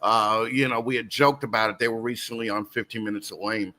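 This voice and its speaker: A man's voice: fairly low pitch, steady tone, a little fast, sharp tone. A man guest hosting a casual podcast, telling a rambling story full of restarts and laughter. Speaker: guest host.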